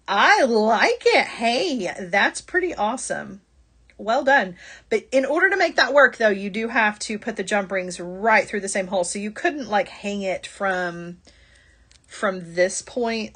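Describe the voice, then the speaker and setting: Middle-aged woman, live shopping host, chatty, apologetic, often laughing, bright voice. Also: on the high side. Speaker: jewelry-making show host. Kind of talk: live shopping stream chat.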